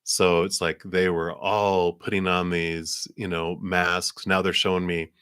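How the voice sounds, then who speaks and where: A man's voice: low-pitched, little pitch movement, a little slow, fairly bright tone, smooth, no echo, studio quality. A man giving a live tarot reading, talking in a rambling, meandering way full of fillers. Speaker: tarot reader.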